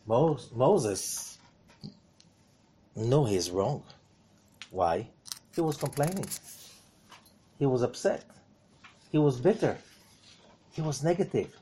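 In a spirited Torah class, a man asks rhetorical questions and moves back and forth between booming emphasis and hushed remarks. His voice is mid-range, with a faint hiss or hum in the audio.

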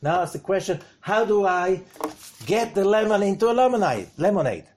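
Man, Torah teacher, lively lesson full of rhetorical questions, slightly high voice. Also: moderate pace. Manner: animated, rhetorical questions, swings from loud to hushed.

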